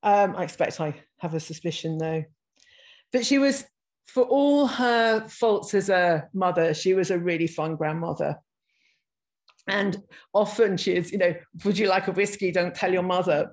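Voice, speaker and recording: A reflective woman over sixty speaks in a somewhat low voice over a video call. She talks thoughtfully, often stopping to restart a phrase, and reads passages aloud between her own remarks. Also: a little mellow, rough recording. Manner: thoughtful, halting, frequent restarts. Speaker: guest speaker. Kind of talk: reflective online talk, reading excerpts aloud.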